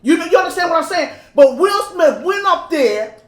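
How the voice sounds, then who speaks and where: An older woman co-hosting a casual chat, telling her side in an animated, drawn-out way. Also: very high-pitched. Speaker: podcast co-host. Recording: roomy echo.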